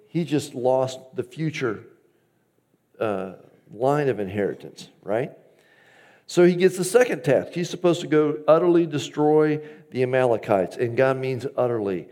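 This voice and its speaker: Animated male preacher, mid-pitched voice. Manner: animated, swings between loud emphasis and quiet asides; acts out quoted lines from scripture. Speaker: pastor. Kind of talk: sermon.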